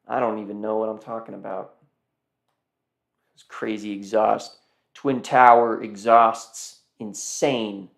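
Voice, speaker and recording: A man's voice: lowish voice, creaky. A man hosting a live car auction stream, chatting casually and rambling, often repeating himself and talking to viewers as "guys". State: yawning, tired. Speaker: car auction livestream host.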